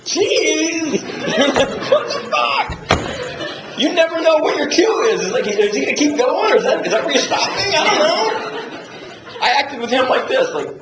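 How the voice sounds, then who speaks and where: A man's voice: extremely high pitch, normal speed, a crowd in the background. A man telling stories at a fan Q&A, swearing freely and laughing as he imitates people. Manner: profane, animated, laughing through impressions. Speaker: actor answering audience questions. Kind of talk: casual convention Q&A storytelling. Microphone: handheld camcorder from the audience. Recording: echoey room on a camcorder, ambient noise.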